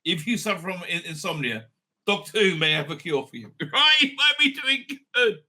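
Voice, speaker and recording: Rambling, laughing man with a bright, lively voice. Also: high-pitched, normal speed. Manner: rambling, profane, laughing often. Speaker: rabbi and show host. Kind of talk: casual live-stream review.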